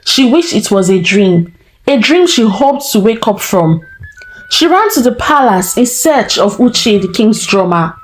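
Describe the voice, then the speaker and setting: A woman storyteller narrating a folktale in a slow, deliberate way. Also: medium pitch, very animated, rough recording.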